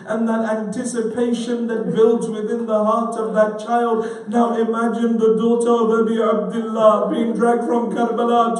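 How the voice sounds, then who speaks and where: A man preaches a mournful sermon in a chanted, lamenting style, now and then breaking into recited Arabic verses. His voice is very high and holds a narrow, level line. It booms around a very echoey prayer hall, heard from some distance off the mic. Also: a little mellow. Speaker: religious speaker.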